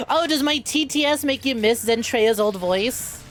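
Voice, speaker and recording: This VTuber streamer's voice is high and very animated yet slow, with a faint hiss or hum behind it. The young adult woman jokes with her viewers during gameplay, laughing often and calling them "y'all."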